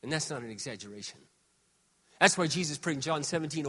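A man in his sixties preaching a sermon as pastor, moving between quiet, confiding talk and loud, shouted exhortation. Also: on the high side, quick pace, slightly rough, in a large hall. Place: church sanctuary.

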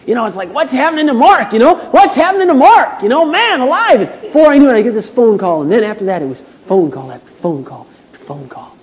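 A man preaching a sermon, telling stories from his life and acting out the voices of the people he quotes. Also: a little hiss or hum. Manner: storytelling, acts out quotes in a high excited voice. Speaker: pastor. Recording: dull 1980s church tape in a reverberant hall.

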